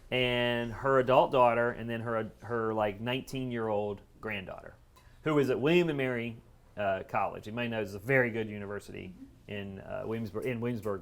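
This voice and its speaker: A middle-aged man telling stories to a live audience at a care event, animated, jumping up in pitch when he quotes people. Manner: lively storyteller, voices quotes with big pitch jumps. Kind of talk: storytelling talk to a live audience. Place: event room near train tracks.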